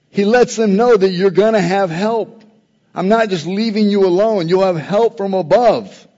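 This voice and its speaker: In a church sanctuary, a male pastor preaches a sermon earnestly, building emphasis as he quotes scripture. His voice is high with a darkish tone. The recording sounds dull and carries a long reverb.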